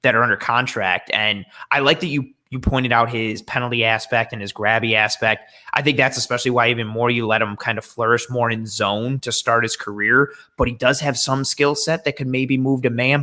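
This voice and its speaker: A man appearing as a football draft scout gives his analysis in an animated, giggly way. His voice is bright and forward, and it sits at an ordinary middle pitch. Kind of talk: casual sports chat.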